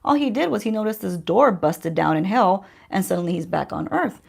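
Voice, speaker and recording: This woman speaks at medium pitch in a brisk, very animated way, her darkish tone marked by vocal fry. A beauty vlogger, she chats casually as she applies makeup, addressing viewers and posing rhetorical questions mid-story, recorded on a handheld-range mic while she holds a mirror.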